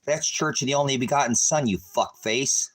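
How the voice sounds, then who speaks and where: A man ranting at his viewers on a livestream, cursing and taunting them, swinging between shouting and low muttering. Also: moderate pace, loud music behind the voice. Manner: angry, cursing, taunting, repeating insults. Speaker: ministry livestreamer. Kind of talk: profane livestream rant at viewers.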